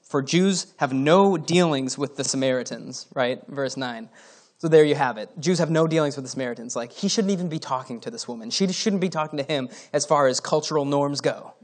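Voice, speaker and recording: A man's voice: fairly high pitch, brisk. A man preaching a sermon in a casual, conversational way, reading scripture aloud and breaking off into asides with the odd chuckle.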